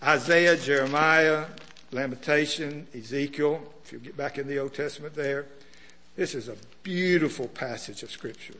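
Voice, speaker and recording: A man's voice: on the high side, moderate pace, sharp tone. A man preaching a sermon in a conversational way, often putting questions to his listeners.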